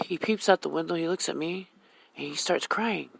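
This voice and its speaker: Mother from Hawaii, candid and emotional personal storytelling, gravelly. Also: sits low, moderate pace, rough recording. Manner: candid, emotional, retells conversations. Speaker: mother telling her life story.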